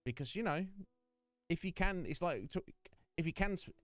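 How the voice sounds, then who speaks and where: A man's voice: on the high side, lively intonation, normal speed, pauses often, no echo. A man hosting his game live stream, chatting in a rambling way and laughing often. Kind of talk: casual live-stream chat.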